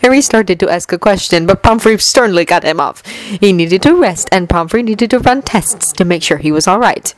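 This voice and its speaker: A woman reading a fanfiction story aloud in steady, earnest storytelling. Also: medium pitch, normal speed, low-quality recording. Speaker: fanfiction reader.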